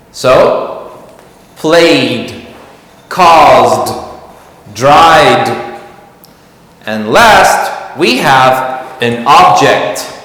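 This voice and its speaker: A man teaching English grammar, explaining slowly and patiently and repeating words for learners to say along. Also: a little high, a bit bright. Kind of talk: slow classroom explanation. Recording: very echoey room with long reverb.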